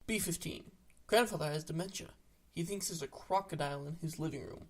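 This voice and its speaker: Brief: deadpan storyteller, mid-pitched voice, reads dark internet stories with a straight face and plenty of swearing. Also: fairly quick. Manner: deadpan, matter-of-fact, casual swearing. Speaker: narrator of internet greentext stories. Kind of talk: reading internet stories aloud.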